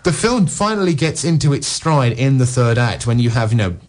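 A male film critic on a radio show, talking casually and at length, with frequent "you know" fillers and quick asides. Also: medium pitch, big pitch swings, a little hiss or hum. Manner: discursive, peppered with "you know" and "no"; acts out characters' lines in passing.

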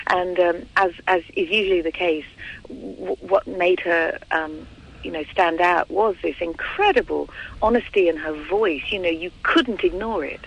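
A woman's voice: lowish voice, vocal fry, breathy edge, rough recording. A woman singer giving a phone interview, speaking enthusiastically and effusively. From England. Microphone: telephone.

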